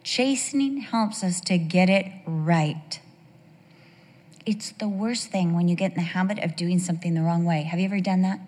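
A woman's voice: fairly low pitch, moderate pace, a little mellow. A middle-aged woman giving a sermon full of personal stories, chatting and asking the audience questions. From United States. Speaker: women's devotional speaker. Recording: long reverb of a large hall.

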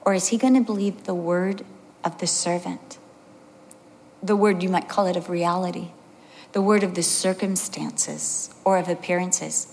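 A woman's voice: lowish voice, moderate pace, long reverb tail, a little hiss or hum. A woman in her sixties preaching a sermon, telling stories with animation and acting out the voices of the people in them. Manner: animated storytelling, acts out voices.

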